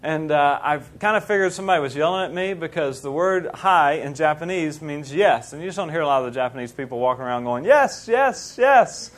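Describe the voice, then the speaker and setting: A middle-aged man preaching, telling a mission story in an animated way and acting out the people he quotes. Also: a little high, fast talker, few pauses. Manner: animated, acts out quoted voices. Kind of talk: sermon storytelling.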